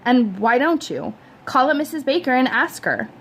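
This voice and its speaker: A woman reading a storybook aloud, voicing a sulky, sharp-tongued teenage girl who talks in a snappy, scornful way. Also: high voice, sing-song, moderate pace, vocal fry, pitched above the performer's own voice, exaggerated voice.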